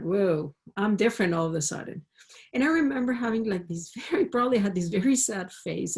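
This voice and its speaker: A woman's voice: on the high side, creaky. A woman professor with a Spanish accent, a native Spanish speaker, telling stories earnestly on a panel over a video call and repeating words as she starts sentences. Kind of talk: panel discussion.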